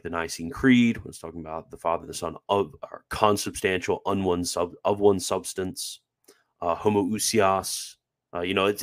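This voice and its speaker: A man hosting a live stream, explaining quotes in a chatty, filler-heavy manner and joking about his own pronunciation. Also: deep voice. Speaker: host presenting theology quotes. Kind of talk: livestream commentary.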